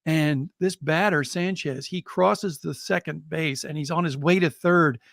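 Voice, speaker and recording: A middle-aged American man, a storyteller, telling a personal anecdote on a podcast in a lively way and chuckling as he goes. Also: on the high side, unhurried, creaky, no echo, studio quality. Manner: lively, chuckling, builds excitement as he tells it.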